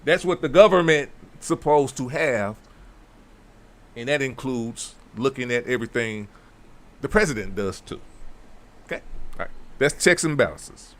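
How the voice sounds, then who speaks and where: A man hosting a casual talk show, explaining a civics question slowly and with emphasis, repeating key phrases and adding conversational asides. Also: mid-range voice, lively intonation, a bit bright. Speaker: host.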